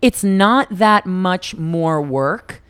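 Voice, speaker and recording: Smooth-voiced woman co-hosting a podcast. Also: on the low side, expressive, fairly bright tone. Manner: emphatic, chatty, quick to agree and laugh along. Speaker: podcast co-host. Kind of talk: casual chat.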